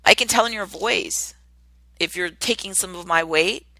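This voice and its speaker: A woman hosting a solo podcast as a coach, talking in an animated way and acting out the people she quotes with big exclamations. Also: lowish voice, moderate pace, dry recording, poor audio.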